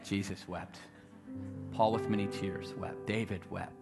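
A man preaching a sermon, telling a story and building to loud, repeated declarations. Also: low-pitched, fairly even intonation, unhurried, gravelly. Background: guitar music.

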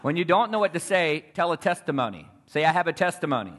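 A man's voice: fairly high pitch, very animated, quick pace, a bit bright, a little hiss or hum. A man preaching a fervent sermon, telling stories and calling to the crowd for responses.

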